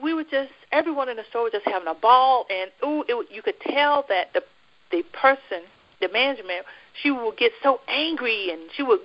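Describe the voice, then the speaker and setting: A woman from the United States, a guest telling a personal faith testimony in a lively way, laughing often and acting out the dialogue she quotes. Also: on the high side, muffled recording.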